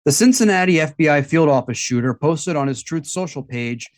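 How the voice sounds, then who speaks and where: Male host, satirical news commentary, lively pitch, dead dry sound. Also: a little fast, no room sound. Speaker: show host.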